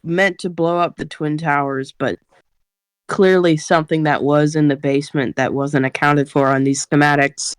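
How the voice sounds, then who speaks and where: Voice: medium pitch, steady tone, normal speed, smooth, no room sound. A player in a tabletop game talks through theories with dry, jokey asides. The voice sits in a middle register. It is recorded dry and close. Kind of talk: casual tabletop game chat.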